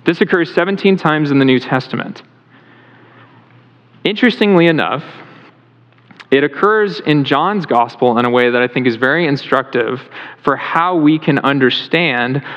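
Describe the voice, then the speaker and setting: A man's voice: mid-range voice, moderate pace. A male pastor giving a conversational sermon in a church, asking the congregation questions as he goes. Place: church sanctuary. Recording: reverberant hall, dull lo-fi sound.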